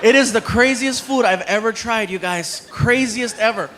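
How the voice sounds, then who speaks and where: A male comedian telling stories on stage, animated and acting out voices. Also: high voice, normal speed. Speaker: stand-up comedian. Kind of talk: stand-up storytelling. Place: live show before a loud crowd. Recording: live stage mic with loud crowd.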